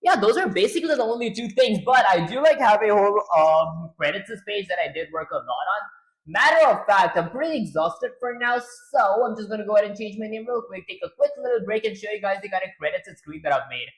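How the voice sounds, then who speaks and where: A man's voice: sits high, animated, quick pace. A man hosting a programming livestream, chatting casually, narrating his own steps and answering questions from the chat. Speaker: livestream host.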